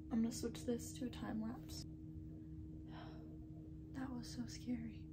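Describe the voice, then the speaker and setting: Young woman book vlogger, slightly high voice with some vocal fry, casual and nervy, noisy home recording. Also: flat delivery, a little fast. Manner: chatty, breathless, dips into whispers when anxious. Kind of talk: casual reading vlog. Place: bedroom at night.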